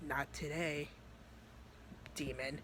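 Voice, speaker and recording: A calm woman fighter who gives orders in a low, quiet, steady voice, as a male storyteller puts her on. Her tone stays dry and controlled. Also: takes it slowly, a little hiss or hum. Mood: grim.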